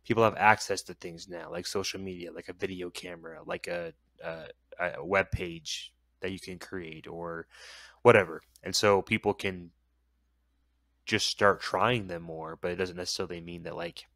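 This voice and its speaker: A man with a low voice talks loosely in a relaxed podcast chat, wandering off his point and circling back. He is recorded close and dry. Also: moderate pace, gravelly, no room sound. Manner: rambling, loses his train of thought. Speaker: podcast co-host. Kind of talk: casual chat.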